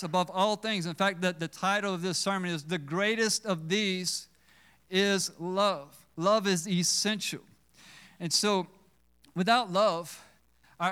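A man's voice: sits high, a bit bright, clean tone. A man preaching a sermon as a pastor, earnest, often repeating words and asking the congregation questions. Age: adult with children.

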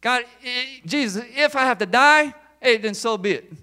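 Brash male disciple, high-voiced and boastful , played by a preacher in his sermon. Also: moderate pace, pushed and bright, smooth, full character voice. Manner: brash and emphatic. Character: boastful, cocky male disciple vowing loyalty.

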